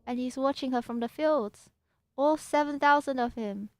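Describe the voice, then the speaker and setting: A woman's voice: high-pitched, normal speed, darkish tone, dry recording. A woman livestreaming, chatting in a playful, rambling and silly way between reading passages from her home PC setup. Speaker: VTuber streamer.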